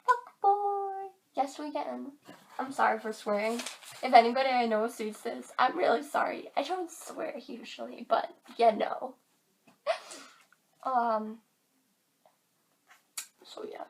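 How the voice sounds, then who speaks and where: A woman's voice: sits high, vocal fry, slight background noise. A teenage girl vlogging to camera in casual chat, chatty and giggly, filling her talk with "like", a bit tired.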